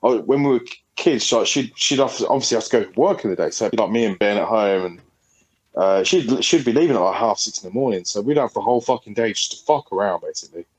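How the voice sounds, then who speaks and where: A man's voice: lowish voice, lively intonation, quick pace, poor audio. A man, a podcast co-host telling a story in a rambling, sweary, casual way. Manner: rambling, sweary, laughing often.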